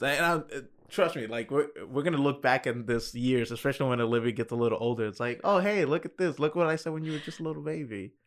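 A man hosts a casual interview in an easygoing, encouraging way. He speaks at a middling pitch and often laughs along with his guest. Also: clear, resonant tone. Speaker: interview host.

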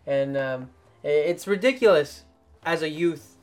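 Young man telling animated podcast stories. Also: on the high side, measured pace, faint music behind. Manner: animated storytelling, swings into loud mock voices. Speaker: podcast host. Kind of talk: casual podcast chat.

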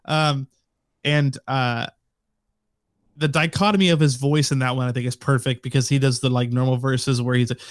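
Rambling young podcast co-host, dry sound. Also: male voice, mid-range voice, steady tone, normal speed, dry recording. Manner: rambling, many fillers and restarts. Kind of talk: casual chat.

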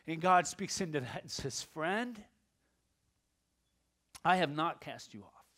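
Middle-aged male pastor, sermon delivery, higher-pitched, shifts between soft musing and loud fervor. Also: lively intonation, takes it slowly, pauses often. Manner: swings from quiet musing to loud impassioned preaching.

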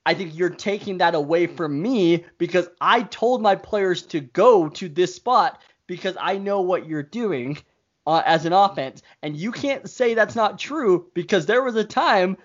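A man in a casual chat, teasing a friend and telling stories in an animated way. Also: high voice, normal speed. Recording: dull lo-fi audio.

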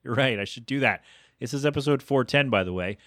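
Male podcast host, thirties, rapid rambling delivery, dry close mic, mid pitch. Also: a bit bright, no echo. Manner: fast, self-interrupting, chatty. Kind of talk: rambling solo podcast monologue.

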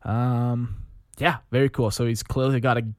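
A man co-hosting a podcast in casual chat, agreeable and quick to laugh. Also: medium pitch, no echo, clean studio sound. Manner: animated, agreeable, laughs often. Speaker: podcast co-host.

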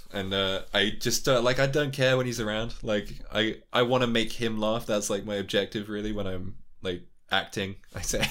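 A man's voice: lowish voice, fairly bright tone. A young man in a casual interview, rambling, laughing often and swearing freely. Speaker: YouTuber guest.

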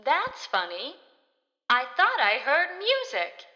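Give me a woman playing a wondering storybook music teacher, high and bright. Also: huge pitch swings, takes it slowly, big-room sound, muffled recording, heavily acted. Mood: puzzled. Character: puzzled adult female music teacher.

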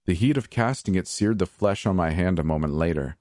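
A man narrating dark first-person fiction in a measured, unhurried way. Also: low-pitched, lively intonation, dry recording, clean studio sound.

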